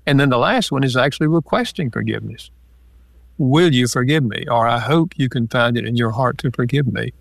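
This interview guest, an author and marriage counselor, patiently walks through each point using examples, staying calm and explanatory. His ordinary-pitched voice is brisk and gravelly, captured close and dry with no echo or room sound.

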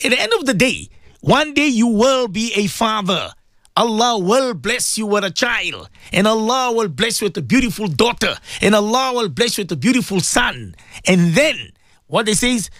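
Man, radio preacher, impassioned, repetitive rhetorical questions, gravelly husky voice, dry close sound. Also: sits high, fairly bright tone, no room sound. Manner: impassioned, repeats words, many rhetorical questions. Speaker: Islamic radio presenter. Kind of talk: preaching radio talk to listeners.

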